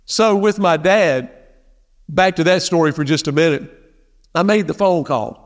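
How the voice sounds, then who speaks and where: A man's voice: fairly high pitch, unhurried, in a large hall. A male pastor preaching a sermon in a conversational, emphatic way, often repeating key phrases for weight. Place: church sanctuary.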